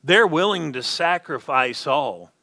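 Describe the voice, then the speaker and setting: A male pastor preaching with a bright, forceful voice. He speaks slowly and deliberately, drawing out the words he wants to land and asking his listeners if they are following. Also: on the high side, animated. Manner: emphatic preaching, slows down to stress key words, asks the congregation questions. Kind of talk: sermon.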